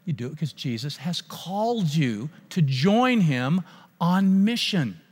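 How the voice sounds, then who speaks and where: Man, pastor, lively sermon storytelling, acts out dialogue, high voice, reverberant hall. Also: unhurried, breathy edge. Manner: animated, acts out dialogue, frequent restarts.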